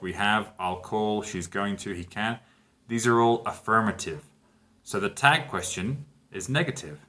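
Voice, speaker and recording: A man teaching a grammar lesson, speaking example sentences clearly and emphatically and counting down to the answers. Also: fairly low pitch, sharp tone. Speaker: English teacher.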